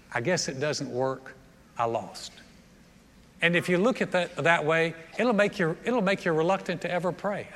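A man preaching a sermon as a pastor, animated, repeating words and acting out prayers. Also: a little high, big-room sound.

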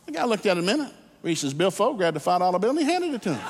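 Male preacher, sermon, quick folksy delivery, fairly high voice, long hall reverb. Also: very animated, heavy background noise. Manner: folksy storytelling, rising to fervent preaching. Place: church hall.

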